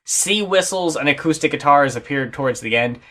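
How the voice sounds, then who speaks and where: A man's voice: fairly high pitch, animated, a little fast, a bit bright. A man co-hosting a casual album reaction talk, enthusiastic and swearing, at times reading notes aloud. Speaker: co-host reviewing albums.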